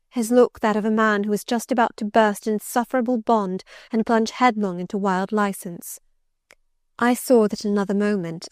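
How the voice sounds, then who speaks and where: A woman narrating a classic novel in the first person, measured and earnest. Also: medium pitch, a little mellow, no echo, studio quality. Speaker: audiobook narrator.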